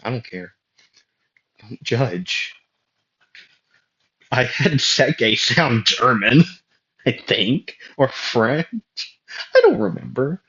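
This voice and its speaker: Young guy rambling thru a fan story, slow and low, muffled lo-fi mic. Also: vocal fry, a bit bright. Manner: rambling, self-deprecating, many fillers. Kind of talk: casual rambling narration.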